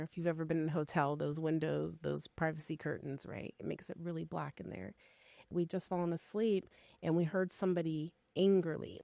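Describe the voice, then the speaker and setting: A woman in her fifties, co-hosting a podcast, telling a personal ghost story in an animated, casual way with frequent swearing. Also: low-pitched, vocal fry, no room sound. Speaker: podcast co-host.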